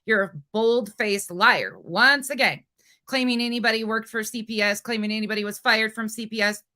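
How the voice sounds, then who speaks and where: A woman's voice: fairly high pitch, steady tone, moderate pace, bright, forceful tone. A woman hosting a livestream, ranting angrily and profanely at a rival and taunting her. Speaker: livestream host. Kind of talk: heated livestream rant.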